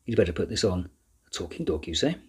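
A man voicing an eccentric, polite professor in a storybook reading, brisk and evasive. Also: low-pitched, big pitch swings, husky, exaggerated voice.

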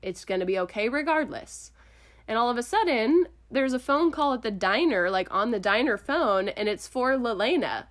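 A woman casually recapping a film plot to friends, as an animated storyteller. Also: fairly high pitch, normal speed, hardly any pauses.

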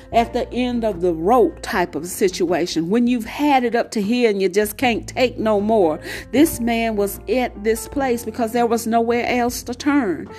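A woman's voice: a little high, a little mellow. A woman preacher delivering a sermon with a repetitive, emphatic cadence.

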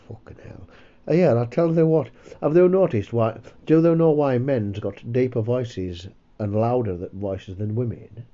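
A man's voice: mid-range voice, measured pace, warm tone, muffled recording. A man hosting a comedy podcast, rambling, sweary and self-mocking. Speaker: podcast host. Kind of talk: casual comedy chat.

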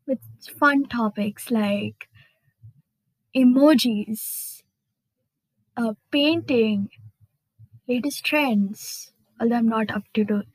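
On a rough recording with no room sound, a woman with a slightly high voice chats through her own podcast. She's bubbly, leans on frequent fillers, and giggles at herself now and then.

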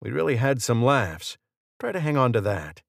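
A man's voice: medium pitch, sing-song, normal speed, gravelly, no room sound, clean studio sound. A man reading the lines of a cocky male federal agent in an audiobook, mocking and chatty. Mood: smug.

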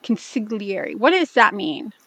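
A woman from the United States co-hosting a podcast in casual chat, blunt and swearing freely, talking in quick bursts. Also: mid-range voice, sing-song, a bit bright. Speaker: podcast co-host.

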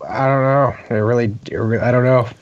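A man's voice: medium pitch, steady tone, a little fast, dry recording. A man, a comedian co-hosting a podcast, chatting casually and rambling with lots of filler words. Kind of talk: casual chat. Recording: dull lo-fi podcast audio.

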